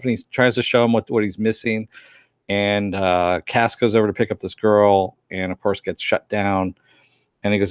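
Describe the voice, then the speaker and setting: Low-voiced man recapping a show. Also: moderate pace, no echo, studio quality. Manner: retells scenes, briefly acting out characters' lines. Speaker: podcast co-host reviewing a TV episode. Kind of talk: casual chat.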